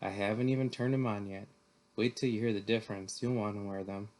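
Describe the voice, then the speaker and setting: A man's voice: on the low side, fairly even intonation, brisk, a little mellow, natural voice. A man reading aloud, voicing a friendly male ear doctor who explains things in a chatty, reassuring way.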